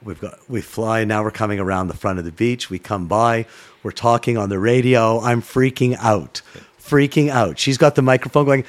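A middle-aged man from Canada, a former sports broadcaster, telling a story in a casual chat, animated and swearing freely. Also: medium pitch, moderate pace. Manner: animated, swearing, acts out voices in his stories.

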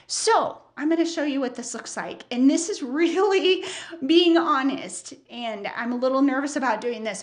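A candid woman host talking through her own story in a relaxed solo podcast. Her voice sits a little high and her talk runs loose and chatty, full of fillers. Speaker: podcast host, small bakery owner.

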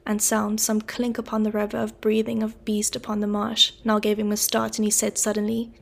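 A woman reading a classic novel aloud in an even, steady narrating voice. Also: mid-range voice, fairly quick, creaky, hardly any pauses. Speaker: audiobook reader.

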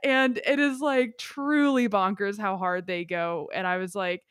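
A woman's voice: mid-range voice, fairly even intonation, unhurried, smooth, no room sound. Woman co-host, eager and chatty, loose rambling delivery, dry close mic. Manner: enthusiastic, rambling, lots of "like". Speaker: podcast co-host. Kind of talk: casual film chat.

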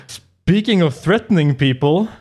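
A man's voice: fairly high pitch, darkish tone, breathy edge. A man co-hosting a podcast, telling rambling anecdotes in casual chat and laughing often. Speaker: podcast co-host.

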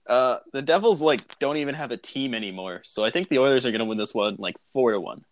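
A young man co-hosting a casual sports podcast, relaxed and laid-back. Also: medium pitch, quick pace. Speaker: podcast co-host.

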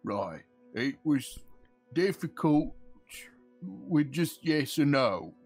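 A man's voice: fairly high pitch, very animated, extremely slow, a little mellow, husky, faint music behind. A man taking part as a player in a tabletop game, answering hesitantly.

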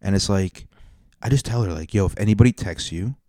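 A man's voice: lowish voice, fairly quick, dark tone, no room sound, studio quality. A man co-hosting a podcast, rambling and joking at his own expense in casual banter. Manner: rambling, joking, self-deprecating. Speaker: podcast co-host.

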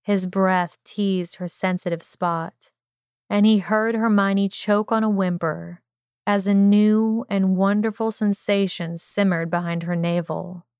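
A woman narrating a romantic fan fiction story aloud in an unhurried, measured reading. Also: mid-range voice, fairly even intonation, darkish tone, smooth, no echo, studio quality.

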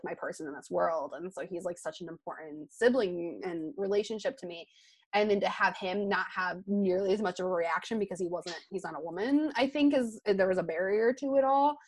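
Young woman podcast host, chatty and animated, lots of "like", dry close sound. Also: medium pitch, no echo. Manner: chatty and animated, many "like" fillers. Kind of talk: casual podcast chat.

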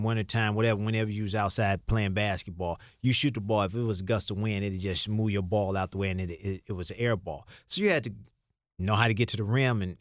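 A man's voice: fairly low pitch, no echo, studio quality. An older man from Chicago, a former player telling rambling stories in a casual interview. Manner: rambling, restarts, acts out quoted lines. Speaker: guest, former basketball player.

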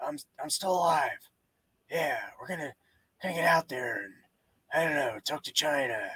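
A man's voice: on the high side, normal speed, sharp tone, slightly rough, pitched below the performer's own voice, exaggerated voice. A man impersonating a confused elderly male president who mumbles, halts and trails off. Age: over 60.

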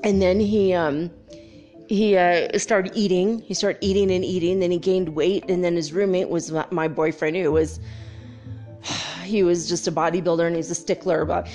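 Candid storytelling woman, low voice. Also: moderate pace, faint music behind. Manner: candid and animated, laughs often, acts out quotes. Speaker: spiritual storyteller. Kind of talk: casual spoken storytelling.

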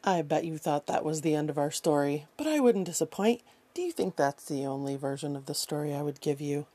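A woman's voice: low-pitched, expressive, a little fast, dark tone, breathy edge. A woman in her fifties hosting a podcast, telling stories in a playful, chatty, self-mocking way. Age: 50s. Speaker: podcast host. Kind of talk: casual podcast storytelling.

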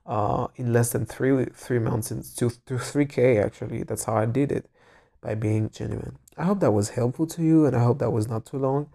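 A man's voice: mid-range voice, creaky, mellow. A man hosting a solo podcast, giving earnest, rambling social media advice with many restarts.

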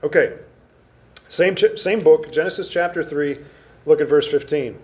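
A man teaching an adult Sunday school class, reading scripture aloud and slowing down to stress key words. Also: a little high, darkish tone. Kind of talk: Bible lesson to an adult class. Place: church classroom.

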